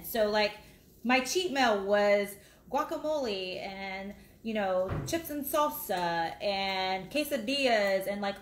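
A middle-aged woman chatting casually while she cooks in her home kitchen, rambling between steps. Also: mid-range voice. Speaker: cooking vlogger. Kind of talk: casual live cooking chat. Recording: echoey room with faint noise.

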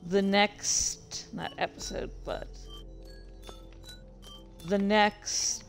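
A woman's voice: mid-range voice, fairly even intonation, gravelly, soft background music. A woman hosting her own gameplay video, chatting casually and poking fun at herself as she plays. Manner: chatty, self-deprecating, slow and halting. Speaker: gaming channel host.

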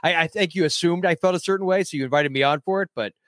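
A man's voice: high-pitched, racing, fairly bright tone, no echo. A man who is a guest on a podcast, chatting casually over a call in a rambling, stammering way with joking asides. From Central Florida. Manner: rambling, stammering, self-deprecating humor. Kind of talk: casual chat. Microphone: remote call.

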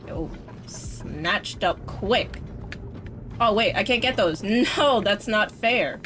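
A woman streaming a game live, excitable, talking back to the game, swearing and laughing as she plays. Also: medium pitch, takes it slowly, music in the background, low-quality recording. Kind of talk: live gameplay commentary.

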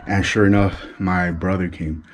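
A man's voice: sits low, steady tone, normal speed, slight background noise. A middle-aged man from Los Angeles with a Chicano LA accent, telling a street story in casual slang and keeping his voice down. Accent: Chicano Los Angeles English. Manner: street slang, imitates gunshots with his mouth; keeps voice down so as not to wake his wife. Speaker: vlogger.

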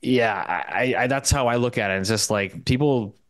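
A young man from Canada with a Canadian English accent, a guest talking casually in an interview, quick and full of fillers and restarts. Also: medium pitch, dry recording. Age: young adult. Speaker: guest market commentator.

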